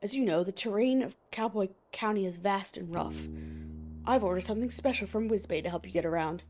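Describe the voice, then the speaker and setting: A woman's voice: mid-range voice, fairly quick, a little mellow, a little hiss or hum, close to an everyday voice. A woman voicing a touchy male supervisor who gives orders over the phone, prickly and defensive.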